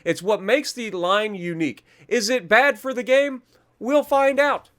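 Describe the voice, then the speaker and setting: A man with a fairly high voice talks through game patch notes at home. He is chatty and self-mocking, trips over foreign names and drifts into small rants about the game's developers. His delivery stays loose and conversational. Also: measured pace, fairly bright tone. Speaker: gaming channel host. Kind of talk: casual patch-notes commentary.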